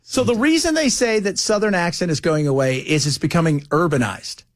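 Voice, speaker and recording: A man hosting a talk radio show, chatting casually in an animated, teasing, storytelling way. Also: high voice, brisk, dry recording, clean studio sound.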